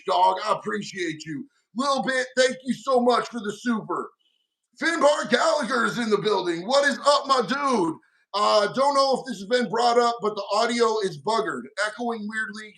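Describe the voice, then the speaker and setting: A middle-aged man with a fairly high voice hosts a laid-back livestream, reading viewer comments and answering in slang. He keeps calling people homie and dog. He sits back from a mic set some way off. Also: a bit bright. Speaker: livestream host. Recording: mic set far from the speaker.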